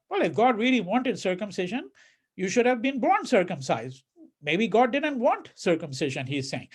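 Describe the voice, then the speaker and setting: A man's voice: high voice, sing-song, measured pace. A man lecturing a class in a conversational way, often asking "right?" and acting out quoted lines in a mocking tone. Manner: conversational, checks in with "right?", repeats words; reads quoted verses in a mocking voice. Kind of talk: university lecture.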